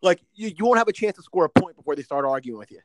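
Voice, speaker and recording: A man's voice: sits high, lively intonation, very fast, dry recording, low-quality recording. A young man from New Jersey co-hosting a podcast in casual, profane banter, rambling with lots of filler words. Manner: loose, rambling, heavy on filler words and swearing. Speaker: podcast co-host.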